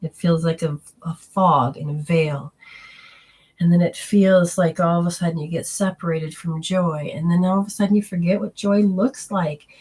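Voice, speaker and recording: Husky-voiced woman teaching healing. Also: lowish voice, fairly even intonation, normal speed, a little mellow. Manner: earnest, acts out inner voices in quotes. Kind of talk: teaching talk with personal stories.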